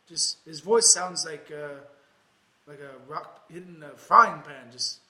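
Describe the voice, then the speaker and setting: A man's voice: fairly high pitch, takes it slowly, bright, forceful tone, roomy sound, full character voice, rough recording. A man playing a rambling aging ex-rocker and ex-convict, hesitant and full of filler sounds. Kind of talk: improvised comedy interview.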